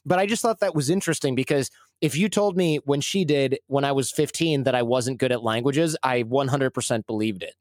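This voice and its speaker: A man's voice: medium pitch, brisk, hardly any pauses, no room sound, studio quality. A man from Michigan in his forties, talking as a guest in a casual, rambling and self-deprecating way. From Michigan, USA. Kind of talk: casual conversational storytelling.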